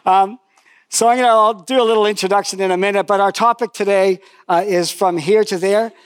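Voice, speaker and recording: A man's voice: high voice, fairly even intonation, moderate pace, smooth, no room sound. An older man preaching a sermon, chatty and joking as he tells a story, then praying and reading scripture. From lived in New Zealand for decades.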